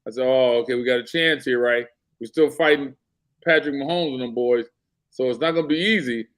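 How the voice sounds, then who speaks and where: A man's voice: mid-range voice, fairly quick. A man in casual sports talk, telling a story with energy and acting out what people said. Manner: animated storyteller, acts out quotes. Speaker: guest.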